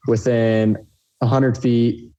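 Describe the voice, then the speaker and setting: A man's voice: medium pitch, little pitch movement, takes it slowly, mellow, lo-fi sound. A young man, a racecar driver guest, telling a race story in an easygoing way on a casual podcast.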